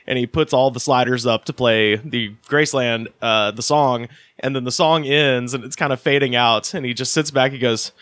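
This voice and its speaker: A man rambles easily through studio podcast chatter, circling back and restarting his thoughts. His voice is middle-pitched and recorded dry and close, with almost no room sound. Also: fairly quick, hardly any pauses, a bit bright, clear, resonant tone, no echo. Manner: rambling, laid-back, frequent fillers and restarts. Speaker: podcast co-host. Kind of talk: casual chat.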